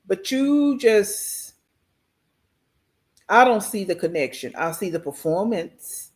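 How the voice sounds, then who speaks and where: A woman hosting a reaction channel, giving blunt, emphatic commentary as she pauses a clip. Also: mid-range voice, animated.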